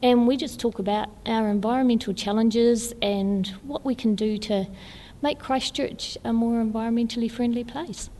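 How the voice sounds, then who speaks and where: A woman with a New Zealand accent, an environmental hub coordinator, answering interview questions in an informative, steady way with fillers. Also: a little high, normal speed, big-room sound. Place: kiosk in botanic gardens.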